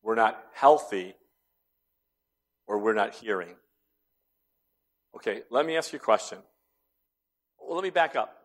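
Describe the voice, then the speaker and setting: A middle-aged pastor with a lowish, expressive voice preaches unhurriedly, leaving long pauses. He alternates between near-whispered lines and loud, emphatic declarations.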